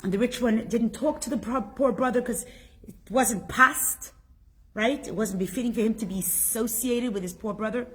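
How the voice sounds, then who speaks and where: Middle-aged woman teacher, fairly high and breathy, emphatic storytelling lesson. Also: normal speed. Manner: emphatic storytelling with rhetorical questions. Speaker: Torah class teacher. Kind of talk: spoken Torah lesson.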